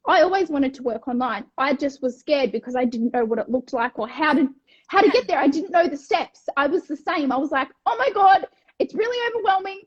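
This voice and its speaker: An Australian woman in her thirties, co-hosting as a wellness coach in casual podcast chat, energetic and blunt, swearing freely and acting out her own past thoughts. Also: high voice, fairly quick, muffled recording. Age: 30s.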